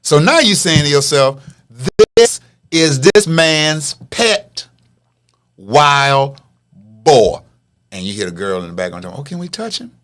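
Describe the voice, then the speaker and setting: Animated storytelling man, lively pitch. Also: slow. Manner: animated storyteller, acts out quotes and growls. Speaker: podcast co-host. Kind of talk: casual chat.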